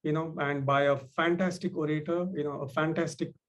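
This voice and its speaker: Male speaker, casual explanatory talk, halting delivery with many fillers, slightly high pitch. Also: steady tone. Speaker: speaker on leadership.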